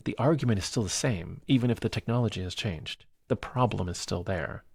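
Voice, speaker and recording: A man co-hosting a movie podcast, retelling film scenes in a casual, animated way and laughing often. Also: on the low side, brisk, vocal fry, husky, dry recording, studio quality. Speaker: podcast co-host. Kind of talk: casual movie review chat.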